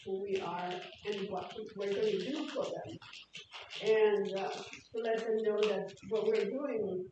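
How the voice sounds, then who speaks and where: A trainee agent in the audience thinking aloud, in a halting way. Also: medium pitch. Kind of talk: question from audience. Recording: distant, echoey, muffled with noise.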